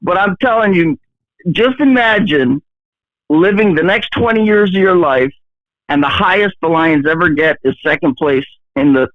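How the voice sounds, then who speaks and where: A middle-aged man calling in to a show, speaking haltingly with many restarts and a self-deprecating tone. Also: high voice, dry recording. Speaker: caller. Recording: tinny phone line.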